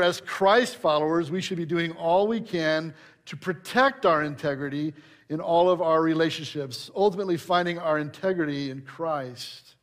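A middle-aged male pastor preaching a sermon, telling anecdotes in a conversational way and rising to emphatic preaching. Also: on the high side.

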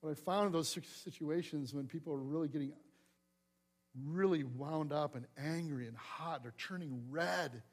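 A middle-aged male pastor delivers a sermon in a fairly high voice. He preaches with lively energy, pressing hard on some lines and dropping to a hush on others. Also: moderate pace. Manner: animated preaching, swings from loud emphasis to soft asides.

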